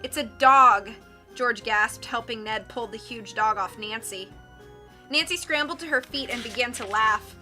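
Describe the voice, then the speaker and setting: Woman audiobook reader, bright and somewhat high, steady expressive narration. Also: normal speed, soft background music. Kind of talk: reading a mystery novel aloud.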